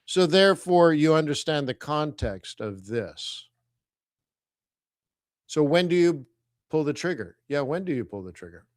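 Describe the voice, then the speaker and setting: A middle-aged man hosting a live trading stream, talking to viewers in an energetic, teasing way as he walks them through charts. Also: fairly high pitch, measured pace, pauses often, dry recording, clean studio sound. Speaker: forex trading host.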